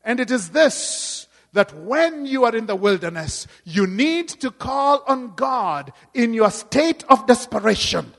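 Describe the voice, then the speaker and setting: A man with a high voice preaches a sermon, moving from quiet, low passages to loud, ringing cries. His voice carries a long reverb, as in a large church hall. The delivery is dynamic and dramatic. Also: sing-song, measured pace, gravelly, few pauses.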